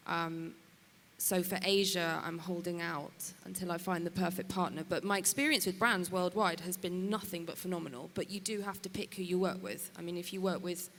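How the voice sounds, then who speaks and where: A woman speaks on a conference panel as an artist manager, frank and emphatic about her views. Her voice sits low and stays fairly level. A long hall reverb and faint noise hang around her. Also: steady tone, normal speed, fairly bright tone. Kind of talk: panel discussion. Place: conference stage in a large hall.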